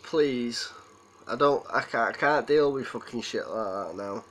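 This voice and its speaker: A male livestream host, close to tears, rambles and answers viewers in an emotional chat, speaking unhurriedly in a mid-range, somewhat bright voice. The recording is low quality.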